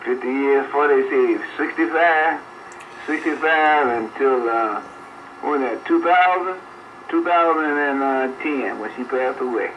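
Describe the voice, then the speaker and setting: Over dull CB radio audio with a faint hiss, an older male operator talks at a medium pitch and a slightly unhurried pace. His talk is casual and folksy, full of reminiscing and frequent laughter.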